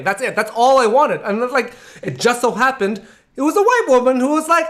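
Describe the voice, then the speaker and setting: A man's voice: extremely high pitch, lively intonation, brisk, a bit bright. A man in casual chat, frank and self-mocking, swearing as he talks.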